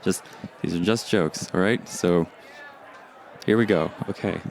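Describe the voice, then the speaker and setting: Hesitant low-voiced man doing stand-up. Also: a little slow, gravelly, darkish tone. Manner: mock-defensive, hesitant setup. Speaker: stand-up comedian. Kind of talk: stand-up set. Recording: faint outdoor street noise.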